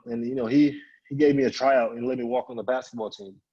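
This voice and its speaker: A man from Chicago, a guest speaker telling a personal story in an animated way and acting out the voices of the people in it. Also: mid-range voice, quick pace, slightly rough, muffled recording. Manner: animated, acts out quoted voices of family and friends.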